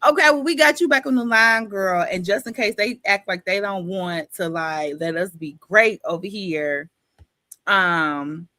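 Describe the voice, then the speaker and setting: A woman's voice: medium pitch, a little slow, pushed and bright, no room sound. A woman with a New York accent hosting a live book club interview, playful and teasing, full of slang. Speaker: host.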